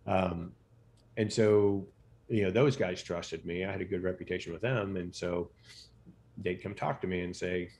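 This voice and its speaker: A man's voice: low voice, fairly even intonation, normal speed, creaky, a little mellow, a little hiss or hum. A middle-aged American man, a physician guest in an interview, telling stories casually with lots of fillers and restarts. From United States. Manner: rambling, many fillers and restarts.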